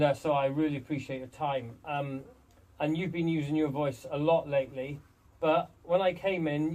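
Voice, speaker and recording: A man's voice: a little high, warm tone, recorded from a distance. A man from Wales interviewing a guest, friendly and self-deprecating. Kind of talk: casual interview.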